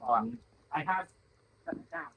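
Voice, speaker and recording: Blunt, high-voiced man coaching from horseback. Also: huge pitch swings, slow, gravelly, bright, forceful tone, breathy edge, dry recording, low-quality recording. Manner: blunt, profane, acts out voices to explain; talking while riding a horse. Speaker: horse trainer. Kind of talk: coaching during a training session.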